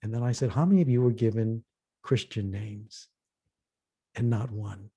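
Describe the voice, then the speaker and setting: A man's voice: on the low side, moderate pace, mellow, breathy edge. A man leading a workshop dialogue, earnestly telling stories and acting out the people he quotes. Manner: earnest storyteller, acts out quoted voices. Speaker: workshop facilitator. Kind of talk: reflective workshop talk.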